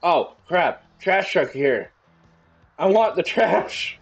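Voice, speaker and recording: A man giving excitable, joking commentary while playing a video game, often breaking into exclamations. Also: high-pitched, slow pace, slightly rough, muffled recording, faint music behind. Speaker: gaming YouTuber. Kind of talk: let's-play commentary.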